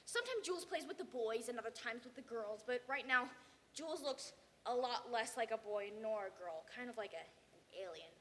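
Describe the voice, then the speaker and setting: A teenage girl giving a theatrical competition performance, swinging between hushed and shouted lines. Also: a little high, lively intonation, fairly quick, big-room sound, slight background noise. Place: banquet hall.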